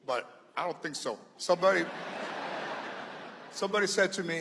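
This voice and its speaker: A man with a high voice tells a low-key, profane stand-up bit. His voice rings out in a large hall, and the recording carries a lot of noise. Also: moderate pace, gravelly, long pauses. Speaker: stand-up comedian. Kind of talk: stand-up routine. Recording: noisy hall with long reverb.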